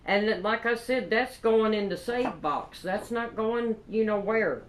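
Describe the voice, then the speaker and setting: A woman's voice: fairly high pitch, measured pace, echoey room, slight background noise, poor audio. A woman from Kentucky with a Southern accent, chatting casually and folksily as she shows off her craft supplies. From Kentucky, USA. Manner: chatty, folksy, lots of "y'all" and "you know". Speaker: craft vlogger. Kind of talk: casual haul chat.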